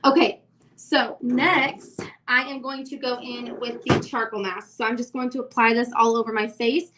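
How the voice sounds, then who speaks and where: A woman's voice: on the high side, steady tone, normal speed, noisy background. A woman in her twenties giving a bubbly, enthusiastic product demo on a live video call. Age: 20s. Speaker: skincare demo host.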